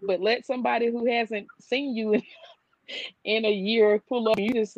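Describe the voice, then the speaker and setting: A woman's voice: a little high, steady tone, normal speed, no echo. A woman caring for her mother, joking and laughing through her stories in a casual group chat. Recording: dry, dull lo-fi sound.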